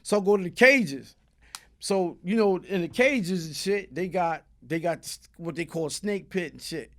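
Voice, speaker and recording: A middle-aged New Yorker, a guest in a casual interview, tells a story in animated street slang at a moderate pace. His voice sits high, and he now and then bursts into loud shouts.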